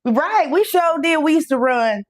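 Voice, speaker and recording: A woman's voice: high voice, animated, measured pace. A woman in her forties hosting a casual live podcast, out of breath, chatting loosely. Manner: loose, chatty, swears and laughs easily. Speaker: podcast host. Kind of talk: casual live-stream chat.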